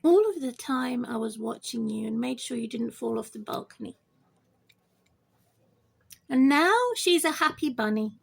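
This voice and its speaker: A little slow and often pausing, this pet owner vlogger has vocal fry and a breathy edge as she rambles about her bird to camera. She keeps repeating herself and shifts into a high sing-song to speak straight to the bird.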